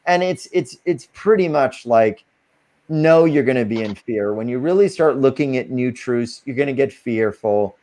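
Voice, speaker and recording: A man with a voice of ordinary, middling pitch speaks as a guest on an interview. He talks casually but earnestly, laying out spiritual advice step by step. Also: lively intonation, moderate pace, darkish tone.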